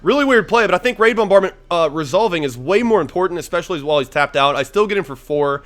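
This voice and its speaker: A man's voice: a little high, animated, fast talker, fairly bright tone. A young man giving casual, profane gameplay commentary as he plays a card game, rambling and thinking aloud. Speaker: gaming YouTuber.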